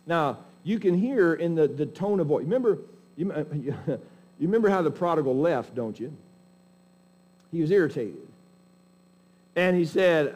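A man preaching from the pulpit in a folksy, emphatic style. His voice sits a little high for a man, and he often breaks off and restarts his sentences as he presses his point. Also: expressive, brisk, long pauses, darkish tone. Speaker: pastor. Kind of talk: sermon.

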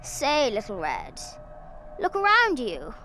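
A cunning, hungry wolf from a storybook, played by a woman, purring his words out slow and silky. Music plays beneath him. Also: high-pitched, huge pitch swings, full character voice. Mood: coaxing. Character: sly hungry male wolf, smooth-talking predator. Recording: music playing behind.

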